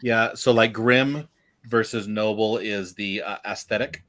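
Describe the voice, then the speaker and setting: Lower-voiced man, joking and animated. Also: measured pace. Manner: animated storyteller, jokes and trailing asides. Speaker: guest writer. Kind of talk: casual panel discussion.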